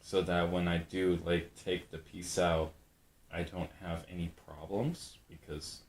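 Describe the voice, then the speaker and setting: A laid-back man hosts a casual live stream, joking with himself and reading viewer messages aloud. He talks slowly in an easygoing way. There is a faint noise in the background. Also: sits low. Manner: laid-back, jokey, reads chat aloud.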